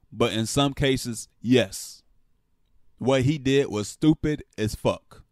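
A man's voice: mid-range voice, no room sound, clean studio sound. A man giving his blunt opinion on a sports story in a casual vlog, often swearing and pushing hard on his points. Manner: blunt and frank, with profanity; passionate, rising emphasis. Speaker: sports vlogger.

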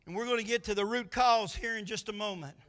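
A man's voice: sits high, quick pace, a bit bright. A man preaching a sermon as pastor, firing off rhetorical questions with impassioned force. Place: church sanctuary.

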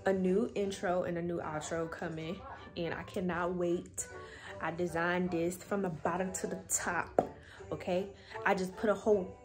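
A young woman chatting casually to her viewers in a phone vlog from her bedroom, loose and slangy, swearing freely. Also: lowish voice. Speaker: vlogger. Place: bedroom at home. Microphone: phone camera.

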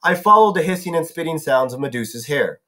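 A man's voice: fairly high pitch, expressive, a little fast, sharp tone. A man reading a novel aloud as a narrator, now and then correcting himself. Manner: narrating with some self-corrections. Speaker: audiobook reader.

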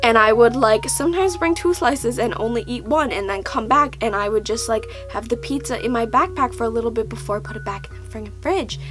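A woman's voice: on the high side, fairly quick, few pauses, a bit bright, faint music behind. A young woman chatting casually to camera about her pets, bubbly, laughing often and swearing lightly. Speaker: pet vlogger.

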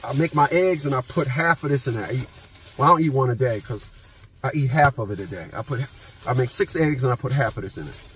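Sitting in his parked car, a vlogger rants into his phone camera in a mid-range, slightly bright voice at a quick clip. He's profane and emphatic, hammering the same points again and again, with a faint hiss or hum on the audio. It's an unscripted ranting vlog.

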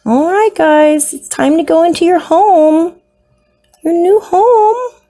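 An isopod hobbyist vlogger casually unboxes her new pets, gushing and slipping into baby talk. Her voice is very high with a dark tone, she speaks slowly, and faint music plays behind her.

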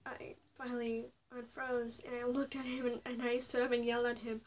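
In a fairly high, level voice, a young woman talks a little fast with hardly any pauses as she shares a personal story on camera. The vlog feels confessional, moving from hushed whispering to sharply raised anger. The recording has a slightly distant mic and faint noise.

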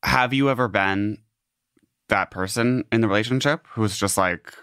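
A man co-hosts a comedy podcast with wry, deadpan banter. His voice is bright and forward, recorded dry and close to the mic. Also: fairly low pitch, moderate pace, clean tone, dry recording. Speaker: podcast co-host. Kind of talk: casual comedic chat.

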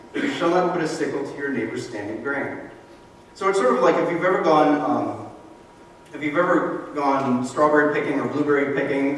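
A man preaching a sermon in a relaxed, conversational way, explaining scripture and briefly acting out the people he quotes. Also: mid-range voice. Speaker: pastor. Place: church sanctuary. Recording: roomy echo from a distant mic with faint noise.

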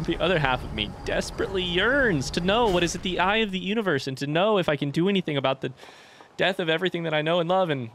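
Excitable young man narrating a blind playthrough. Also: high voice, fast talker, a little hiss or hum. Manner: excitable, swears freely, gasps and shrieks when startled. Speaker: gaming YouTuber. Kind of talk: blind let's play commentary.

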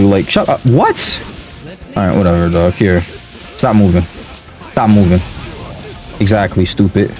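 A man's voice: lowish voice, animated, a little slow, long pauses, darkish tone, faint music behind. A young man giving angry gameplay commentary, ranting and trash-talking his opponents. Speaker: gaming video creator.

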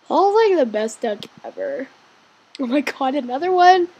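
High, lively woman gaming host. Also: moderate pace. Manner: chatty and excitable, cheering on her game character; drops into whispers now and then. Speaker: let's play host. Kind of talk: gaming commentary.

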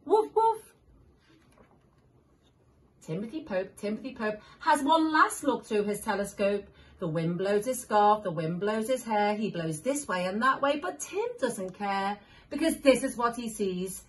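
A woman reading picture books aloud to young children, animated, making animal sounds and asking the listener questions. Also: mid-range voice, normal speed. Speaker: children's story reader.

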